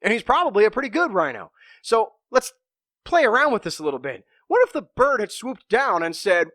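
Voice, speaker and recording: A man hosting a motivational podcast, telling a parable in an animated way and acting out the characters. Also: high voice, brisk, dry recording, studio quality. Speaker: podcast host and speaker. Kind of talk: storytelling motivational talk.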